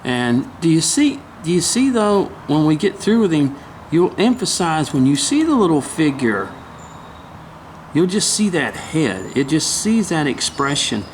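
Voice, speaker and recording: A man's voice: fairly high pitch, very animated, a little slow, slight background noise. A man giving a casual step-by-step woodcarving lesson, folksy and chatty, humming to himself as he works. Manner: folksy, hums and mutters while working. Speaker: woodcarving instructor.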